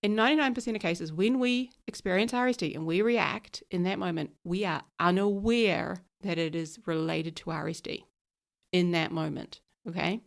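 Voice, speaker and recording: A woman's voice: on the low side, moderate pace, gravelly. A woman in her thirties hosting a casual solo podcast, chatty and often checking in with her listeners. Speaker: podcast host.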